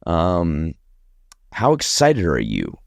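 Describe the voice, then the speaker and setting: A man with a hoarse, scratchy voice from a sore throat, hosting a sports podcast. His voice sits on the low side and sounds dry and close to the mic. He rambles loosely, with plenty of ums and uhs. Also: wildly swooping pitch, takes it slowly, no room sound. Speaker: podcast host. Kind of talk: casual sports podcast chat.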